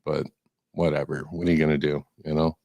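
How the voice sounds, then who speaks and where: A man's voice: very deep voice, flat delivery, brisk, gravelly, a little mellow, no echo, studio quality. A man chatting casually as a guest on a stream. He is congested from a cold and talks in a laid-back, shrugging way. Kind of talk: casual chat.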